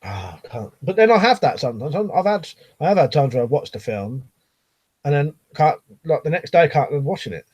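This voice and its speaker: Middle-aged male streamer, loose rambling chat with casual swearing, fairly high voice. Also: sing-song, fairly quick, a little mellow, husky, highs cut off. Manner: rambling, swears casually, reads comments aloud.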